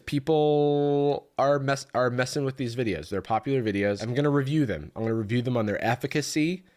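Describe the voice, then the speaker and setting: A man's voice: medium pitch, quick pace. A man reviewing social media videos in a dry, jokey way.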